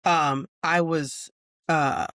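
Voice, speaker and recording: A woman, a retired deputy hosting a podcast, telling on-the-job stories in a steady, matter-of-fact way. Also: sits low, very slow, no echo, studio quality. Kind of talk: casual storytelling chat.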